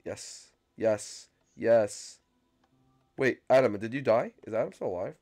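A young man doing excited, frantic gameplay commentary as a channel host, often yelping and screaming when chased. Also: on the low side, a little slow, soft background music.

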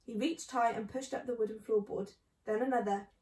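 A woman reading a children's book aloud in a clear, steady storytelling manner. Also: fairly high pitch, a little fast, recorded from a distance. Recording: echoey room.

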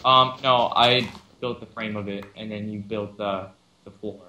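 A man with a mid-pitched, bright, forceful voice chats with friends over a game. He talks plainly and presses his point. The sound is roomy and echoey. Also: steady tone, measured pace, dull audio. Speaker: game player. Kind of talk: casual gaming chat. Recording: roomy echo.

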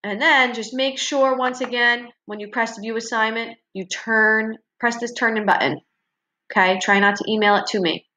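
Bright-voiced woman teacher guiding students. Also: on the high side, fairly even intonation, normal speed. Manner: encouraging, explains step by step with frequent "okay" and "right". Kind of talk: recorded online class walkthrough.

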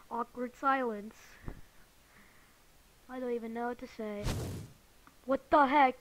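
A high-voiced woman narrating her own gameplay in an excitable, panicky way. She repeats the same words again and again and talks at an unhurried pace. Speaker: gamer. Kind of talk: let's play commentary.

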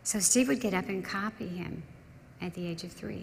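An older woman speaks at a memorial service, telling stories of her late husband with emotional restarts and trailing phrases. Her voice carries a gravelly edge at a middle pitch. The sound rings with the long reverb of a large church sanctuary over a faint background hum. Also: normal speed. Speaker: widow giving a memorial tribute. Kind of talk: memorial tribute speech.

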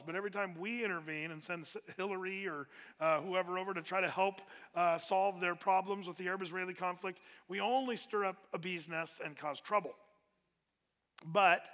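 In a church hall full of long, echoing reverb, a pastor delivers a sermon in a relaxed, conversational style packed with fillers and restarts. His voice is high with a sharp tone.

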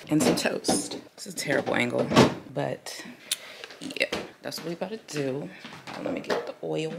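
A woman's voice: deep voice, normal speed, gravelly, very noisy. Froggy-voiced woman vlogging at home. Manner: relaxed, chatty, sometimes hushed. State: froggy morning voice. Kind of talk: casual vlog chat. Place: at home, indoors.

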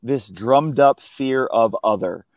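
A man, a film critic, chatting casually about a film he saw, often pausing and restarting his sentences. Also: mid-range voice, dry recording, lo-fi sound. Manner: hesitant, full of restarts and "you know". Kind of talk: casual film review chat.

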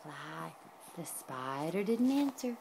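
A woman reading a picture book aloud to her toddler at home, gently coaxing with questions. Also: low voice, sing-song, takes it slowly, vocal fry, heavy background noise.

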